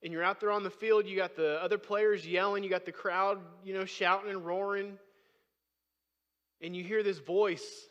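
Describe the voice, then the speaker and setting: High-voiced preaching man in a reverberant hall. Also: steady tone, normal speed, a bit bright, highs cut off. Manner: conversational preaching, rising to emphatic bursts. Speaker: pastor. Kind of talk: sermon. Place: church sanctuary.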